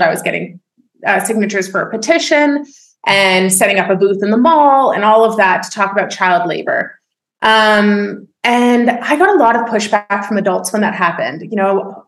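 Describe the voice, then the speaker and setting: A woman of middle pitch tells her own story candidly, keeping an upbeat, smiling tone through heavy material. Her voice rings in a roomy, echoing space. She is a guest in a conversational interview. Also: a bit bright. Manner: frank and upbeat, smiles and laughs while telling hard things. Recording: roomy echo.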